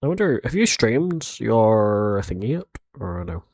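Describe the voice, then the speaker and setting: A man's voice: fairly low pitch, sing-song, measured pace, a little mellow. A man streaming live, chatting casually and a bit ramblingly with his viewers as he greets them.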